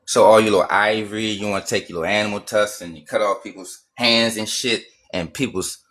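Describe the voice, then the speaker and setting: A man's voice: on the low side, fairly even intonation, brisk, a bit bright. A man in a heated casual rant, profane and emphatic. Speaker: streamer.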